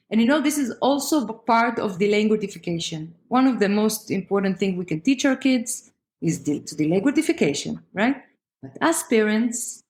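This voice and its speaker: A woman parenting expert talking as a podcast guest, emphatic and animated. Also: mid-range voice. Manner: animated, emphatic, acts out quoted voices. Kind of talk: conversational podcast interview. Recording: roomy echo.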